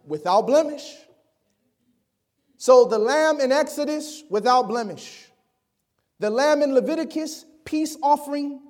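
Reading scripture aloud in a very high voice, a preacher poses questions to his congregation during a sermon. He regularly hushes to almost a whisper when he wants to emphasize something.

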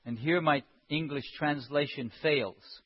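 A man's voice: fairly high pitch, unhurried, husky. A man preaching a sermon in an impassioned way, building up to emphatic cries. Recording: dull sound in a reverberant hall.

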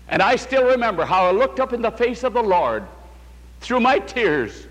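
A man's voice: extremely high pitch, big pitch swings, normal speed. An older man preaching a sermon, telling his story with emotion and calling his listeners "my friends.". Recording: long hall reverb.

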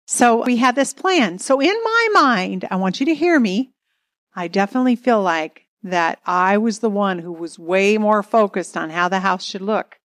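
A middle-aged woman speaking at a marriage seminar, telling an animated, dramatic story to an audience. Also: medium pitch, no room sound, clean studio sound.

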